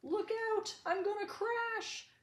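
Woman playing a storybook farmer, male, hot-tempered, scheming, loud and shouty, high-pitched. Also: very animated, normal speed, roomy sound. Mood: panicked.

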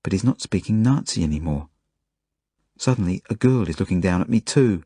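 Guy reading a kids' book first person, mellow and breathy, close dry mic. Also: sits low, animated, no room sound. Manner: plain, measured storytelling in a child's first-person voice. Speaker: audiobook reader. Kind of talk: first-person audiobook narration.

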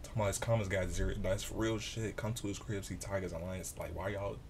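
A man hosting a reaction video, excitable and animated, swearing freely as he comments. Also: deep voice, fast talker, slight background noise.

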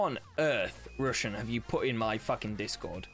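A man streaming games, chatting casually and excitably, swearing often and breaking into laughter. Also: fairly low pitch, normal speed, hardly any pauses, faint music behind. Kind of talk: casual gaming stream chat.

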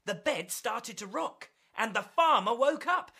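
A woman reading a picture book aloud to children with an expressive, animated delivery. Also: a little high, a little slow, creaky, few pauses, slightly rough. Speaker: storyteller.

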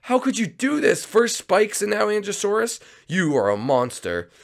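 A man's voice: high voice, huge pitch swings, normal speed, gravelly, pitched above the performer's own voice, heavily acted. A man voicing a timid, whiny young male sidekick who pleads anxiously, for a game roleplay. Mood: pleading.

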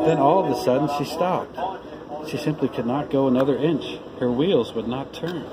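A man reading a children's picture book aloud, expressive and lively. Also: medium pitch, normal speed, very noisy. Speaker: read-aloud reader.

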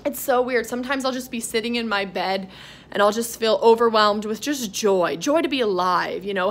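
A woman's voice: on the high side, a bit bright. A young woman vlogging at home as an aspiring actress, chatting in an upbeat, rambling way and walking from room to room with the camera. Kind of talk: casual motivational vlog. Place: her home, walking between rooms.

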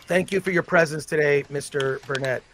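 A man with a notably high voice presides over a livestream as a mock judge, speaking with formal courtroom gravity broken up by frequent fillers. He comes through a video call. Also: fairly quick, fairly bright tone, slight background noise.

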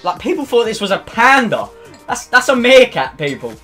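A young man commentating his own football video game match, swinging between low muttering and swearing, shouting outbursts. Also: big pitch swings, moderate pace, faint music behind. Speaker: gaming YouTuber. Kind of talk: live gameplay commentary.

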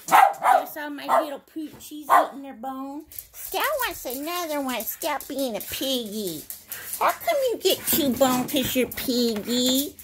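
A woman's voice: high-pitched, very noisy. A young woman chatting casually to a viewer at home, playful and cooing at her pets. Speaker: vlogger. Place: home indoors.

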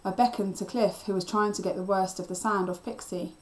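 A woman teacher reading a children's novel aloud with steady storytelling. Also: medium pitch, brisk.

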